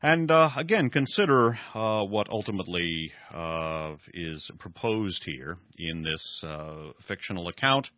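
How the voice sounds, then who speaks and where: A man's voice: sits low, expressive, unhurried, few pauses, no room sound. A man hosting a radio talk program, reading and commenting at length, with frequent fillers. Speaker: radio host. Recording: dull lo-fi radio recording.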